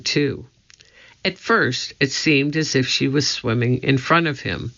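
A man reads a children's storybook aloud, slow and measured, building suspense. His voice is bright with a gravelly grain, and the recording sounds dull and lo-fi. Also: mid-range voice. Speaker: audiobook narrator. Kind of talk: storybook narration.

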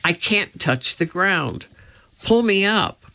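A man's voice: high-pitched, expressive, takes it slowly, gravelly, sharp tone, pitched above the performer's own voice, full character voice. A man playing a worried young boy. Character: young boy, cautious anxious older brother. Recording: dull lo-fi recording.

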